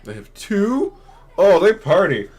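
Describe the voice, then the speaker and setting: A man's voice: sits high, wildly swooping pitch, unhurried, a little mellow, husky. A man co-hosting a casual podcast, telling stories in a playful way and laughing often. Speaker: podcast co-host. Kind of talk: casual chat.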